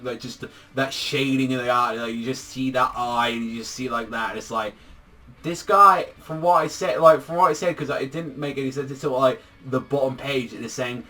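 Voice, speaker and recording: Guy rambling through a manga recap, says like constantly, swears a lot, gets hyped. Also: medium pitch. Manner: rambling, profane, heavy use of "like", excitable. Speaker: manga reviewer. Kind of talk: casual manga chapter recap.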